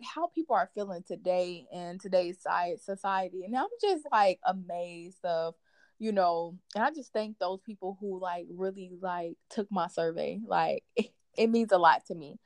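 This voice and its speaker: A young adult woman hosting a casual chat, telling stories in an animated way with plenty of "like". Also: mid-range voice, dry recording. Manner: animated storyteller, fills talk with "like". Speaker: podcast host.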